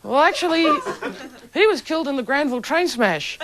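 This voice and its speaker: A young adult woman telling a stand-up story in a dry, deadpan way to a laughing live audience. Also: sits high, normal speed. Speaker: comedian. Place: stage before a live audience. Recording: lo-fi old television recording with loud hiss.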